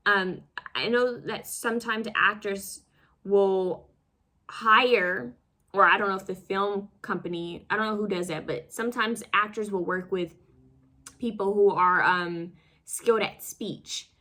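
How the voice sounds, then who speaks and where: A woman's voice: medium pitch, bright, forceful tone. A woman giving a casual pick-a-card tarot reading, rambling and self-conscious, full of fillers and restarts as she fumbles over her words.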